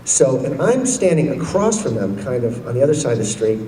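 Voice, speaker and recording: A man's voice: medium pitch, very animated, brisk, warm tone. A man telling a story on stage to an audience, rambling with many fillers. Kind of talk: anecdote to an audience. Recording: roomy hall, far from the mic, faint noise.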